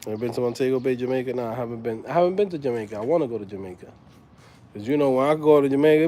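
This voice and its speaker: A man's voice: medium pitch, very fast, mellow. A man in his thirties hosting a loose, slangy casual chat and laughing often. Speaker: host.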